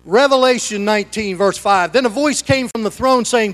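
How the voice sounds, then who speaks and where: The sermon comes from a middle-aged male pastor with a high voice, speaking at normal speed with hardly any pauses. In his church sanctuary he shifts from soft, conversational remarks to excited shouting that rouses the congregation.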